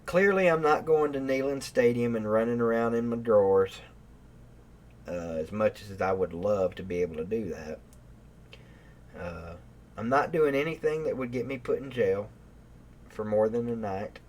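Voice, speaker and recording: A man hosting a livestream, rambling and cursing with bursts of loud mock outrage at his live chat. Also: mid-range voice, moderate pace, a little hiss or hum. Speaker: livestream host. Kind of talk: casual profane rant to live chat. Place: room at home.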